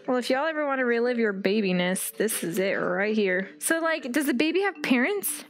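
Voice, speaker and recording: A woman's voice: on the high side, expressive, moderate pace, few pauses, soft background music. A young woman hosting a let's-play video, giving giddy, chatty commentary that breaks into squeals. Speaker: gaming video host.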